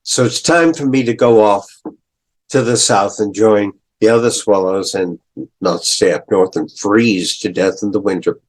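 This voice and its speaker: An older male professor deliberately retells a story during a lecture, clearing his throat and adding asides. His voice is lowish.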